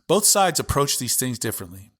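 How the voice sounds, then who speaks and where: A man's voice: medium pitch, very animated, brisk. A male podcast host giving an impassioned, profane political rant with heavy emphasis.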